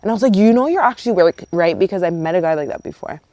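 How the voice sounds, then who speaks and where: A young woman from Canada vlogging outdoors, chatty and animated, telling a storytime with lots of quoted dialogue. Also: fairly low pitch, racing, dry recording. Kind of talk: casual storytime vlog. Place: outdoors near a yard with roosters and hens. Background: roosters and hens.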